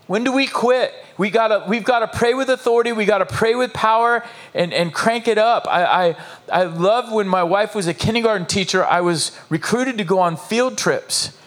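A male pastor preaches in a fairly high voice. He is emphatic and animated, circling back on his phrases and throwing questions out to his listeners. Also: normal speed. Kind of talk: sermon.

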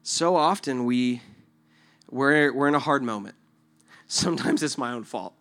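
A man's voice: medium pitch, a little slow, a bit bright. A man preaching in an earnest, conversational way, often checking in with his listeners by asking "right?". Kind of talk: sermon with acted illustration.

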